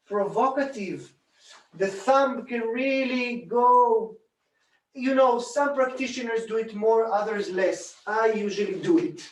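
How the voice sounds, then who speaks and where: A man's voice: high-pitched, slight background noise. Man teaching with roomy distant sound. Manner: calm, repeats rhythmic sounds while working. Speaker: bodywork teacher. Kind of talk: demonstrating a hands-on technique. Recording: roomy echo, distant from mic.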